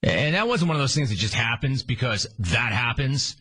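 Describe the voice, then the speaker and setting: A man's voice: mid-range voice, expressive, moderate pace, bright, forceful tone, husky. A man hosting a sports talk radio show, sarcastic and emphatic in a punchy monologue.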